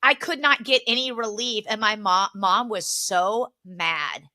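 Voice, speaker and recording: A young woman co-hosting a podcast, telling family stories in a casual, animated way, laughing often and acting out what relatives said. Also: mid-range voice, a little slow. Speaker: podcast co-host. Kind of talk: casual chat, storytelling.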